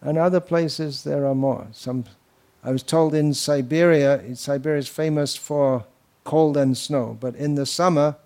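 A man's voice: on the high side, steady tone, measured pace, hardly any pauses, mellow. A man giving a devotional lecture to an audience, talking loosely with anecdotes and mocking asides. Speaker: spiritual teacher.

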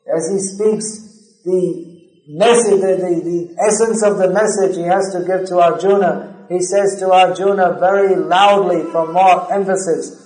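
A man with a somewhat high voice gives a scripture class lecture. He speaks earnestly and leans into emphatic stress. The sound rings around an echoey room. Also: steady tone, a little slow, darkish tone. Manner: recites verses in a chanting cadence. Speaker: spiritual lecturer.

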